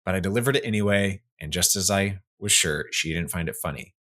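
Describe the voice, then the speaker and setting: A man co-hosting a podcast who chats casually and pokes fun at himself. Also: sits low. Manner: animated, self-deprecating, quick asides. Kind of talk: casual conversational chat.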